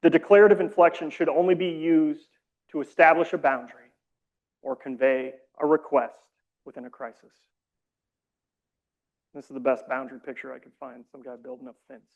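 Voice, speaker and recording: Man, fairly high voice, training presenter, casual asides, dull lo-fi recording. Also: steady tone, moderate pace, long pauses, darkish tone. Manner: casual, self-deprecating asides.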